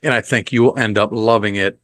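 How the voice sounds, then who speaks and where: A man's voice: fairly low pitch, fairly even intonation, fairly bright tone, dry recording. A man hosting a podcast, giving a casual, rambling film review full of ums and blunt profanity. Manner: unhurried, rambling with frequent ums.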